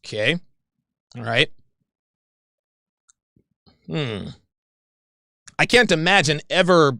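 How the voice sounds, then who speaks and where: A man in his forties hosting a livestream in casual chat, rambling and excitable. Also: on the high side, takes it slowly, gravelly, pauses often, dry recording, clean studio sound. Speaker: livestream host.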